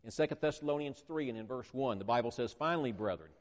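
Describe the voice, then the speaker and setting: A man preaching a sermon to a congregation, emphatic and repetitive, slowing down to stress key words. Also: mid-range voice. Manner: emphatic, repeats phrases, stretches words for emphasis. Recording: echoey church hall.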